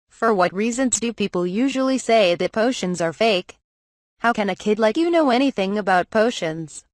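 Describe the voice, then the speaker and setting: A woman reads a web novel aloud in an even, steady narration. Her voice sits in a middle pitch. The recording is close and dry, with no room sound. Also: no echo. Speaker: audiobook reader. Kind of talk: reading a translated web novel.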